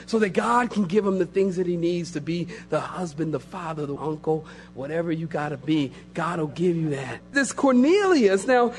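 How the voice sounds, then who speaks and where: A man's voice: sits high, darkish tone. A man preaching a sermon as pastor, emphatic and repetitive, building phrase upon phrase.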